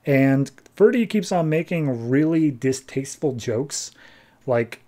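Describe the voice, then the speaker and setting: A man's voice: medium pitch, lively intonation, slow pace, mellow. A man hosting a podcast, casually recapping a comic issue in a jokey, wry way. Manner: jokey, wry, acts out quotes. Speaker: podcast host.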